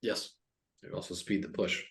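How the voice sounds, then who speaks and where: A man's voice: brisk, fairly bright tone. An American man hosting a podcast, talking politics in a blunt, heated way and swearing as he rants. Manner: blunt, heated and profane when ranting. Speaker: podcast host. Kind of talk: casual political chat.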